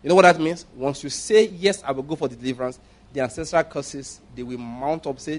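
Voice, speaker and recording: A male pastor delivers a sermon in a notably high voice. He is emphatic and drives his points home by repeating phrases and asking rhetorical questions. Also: brisk.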